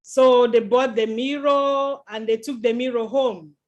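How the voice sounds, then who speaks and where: High-voiced woman telling a church children's story. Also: a little slow, highs cut off. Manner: lively, quizzes the children with questions.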